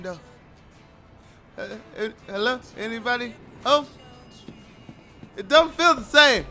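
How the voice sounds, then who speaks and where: A young man doing loud, profane commentary over a video game, cursing and breaking into sudden shouts at what happens on screen. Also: extremely high pitch, expressive, takes it slowly, long pauses, soft background music. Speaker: gaming commentator.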